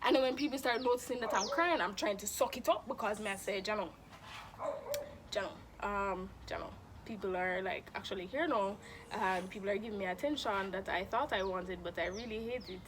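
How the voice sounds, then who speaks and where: A young woman telling a storytime in a casual, animated, dramatic way. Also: medium pitch, a little fast, slight background noise. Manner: animated, dramatic, acts out quoted voices. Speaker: vlogger.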